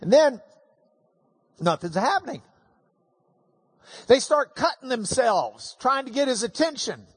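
A man's voice: very high voice, animated, moderate pace, few pauses, slightly rough. A man preaching a sermon, telling the story with humor and emphatic swings. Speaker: pastor.

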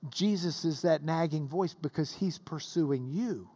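A man's voice: fairly high pitch, a little slow, hardly any pauses, mellow. A man, preaching a sermon to a class, telling stories and building to passionate swells. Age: 50s. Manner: storytelling with swells of rising intensity. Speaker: pastor.

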